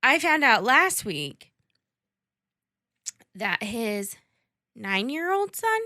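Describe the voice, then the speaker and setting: A woman's voice: on the high side, sing-song, drawn-out words, bright, forceful tone, dry recording, studio quality. A woman hosting a podcast in casual chat, bantering bluntly and joking. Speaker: podcast host.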